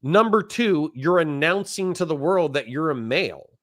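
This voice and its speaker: A man hosting a livestream, reading out chat comments and answering them bluntly, with plenty of swearing and quick flare-ups of anger. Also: fairly high pitch, animated, a bit bright. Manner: blunt, profane, quick to get heated. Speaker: livestream host.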